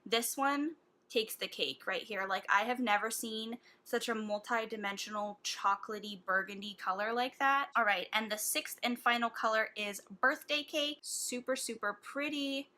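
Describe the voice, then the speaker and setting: Bright-voiced, gushing woman beauty vlogger. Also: a little high, moderate pace. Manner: gushing, excitable, breathy gasps. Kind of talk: casual makeup swatching vlog.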